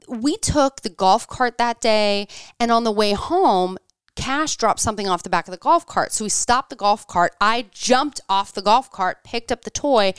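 With a fairly high, smooth voice, a podcast co-host in her thirties tells a story during casual conversation, performing the quoted dialogue with lots of animation. The recording is dry and studio quality.

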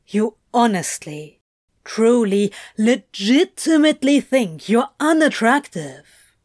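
A woman's voice: a little high, expressive, takes it slowly, a little mellow, no echo. A woman voicing a blunt, swearing male demon in a fan fiction reading, in a voice close to her own. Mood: insistent, exasperated. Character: swearing, exasperated male demon, devoted lover.

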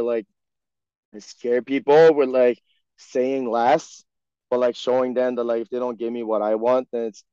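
A man's voice: mid-range voice, dark tone, clean tone, dry recording. Young French Canadian man, non-native English, rambling and filler-heavy, dry dull lo-fi recording. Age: young adult. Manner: rambling, heavy on "like" and "you know". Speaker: guest, pro hockey player. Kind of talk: casual podcast chat.

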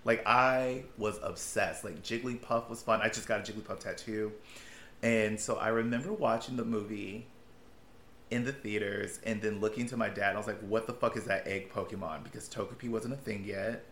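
A man in his late twenties co-hosts a casual chat with gushing, profane enthusiasm and a ready laugh. His voice sits a little low. It rings in a roomy space over a faint hiss. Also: steady tone, moderate pace, fairly bright tone. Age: late 20s. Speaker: podcast co-host.

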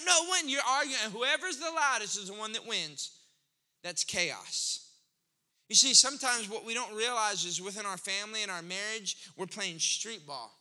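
A man preaching a sermon in a conversational, animated style, building to emphatic points. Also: very high-pitched, normal speed. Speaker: pastor.

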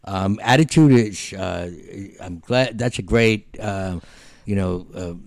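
A man co-hosting a casual recovery chat, joking lightly and trailing off quietly. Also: lowish voice, takes it slowly, no echo, clean studio sound.

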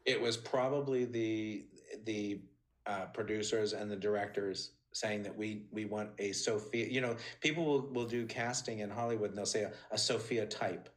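A man as a podcast interview guest, telling animated stories with many restarts and high, bright quoted lines. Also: moderate pace. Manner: animated storyteller, many restarts, jumps high when quoting. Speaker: interview guest, former assistant. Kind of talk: casual interview talk.

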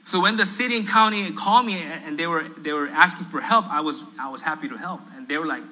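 A male pastor telling a story in a sermon, animated and self-deprecating, acting out the voices of the people in it. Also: fairly high pitch, quick pace, low-quality recording. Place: church sanctuary.

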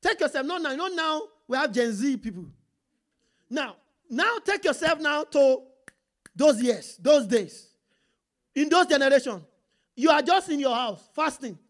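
A high-pitched woman delivers an animated sermon. She reads scripture aloud and breaks off to call out to her listeners, checking that they are following. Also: a little slow, long pauses. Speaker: preacher.

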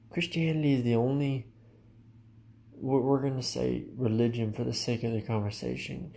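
A man's voice: medium pitch, creaky, warm tone. A man preaching a sermon in an earnest, direct way, often addressing listeners as his friend.

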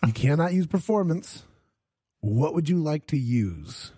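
A man's voice: on the high side, lively intonation, a little slow, warm tone, husky, dry recording, clean studio sound. A man narrating a tabletop game as game master, playful and laughing often.

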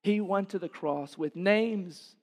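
A man preaching a sermon as pastor in a church. He is impassioned, asks the congregation rhetorical questions, and swings from loud, emphatic peaks down to hushed, low passages. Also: slow pace.

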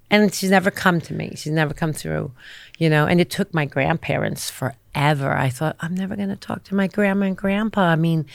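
A woman's voice: on the low side, clean tone, dry recording. A woman chatting casually, telling rambling stories full of fillers and restarts and acting out what people said. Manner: animated, acts out quoted voices. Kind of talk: casual chat.

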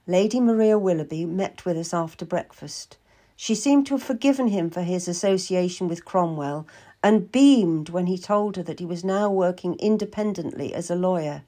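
A woman reading a first-person historical story aloud with measured, expressive storytelling. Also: lowish voice. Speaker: audiobook narrator. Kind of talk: scripted first-person narration.

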